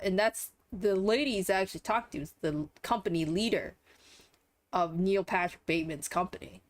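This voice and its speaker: A woman's voice: mid-range voice, normal speed. Tired nasal young woman rambling. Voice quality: nasal, congested. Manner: swears freely, trails off, lots of fillers. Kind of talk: casual rambling recap.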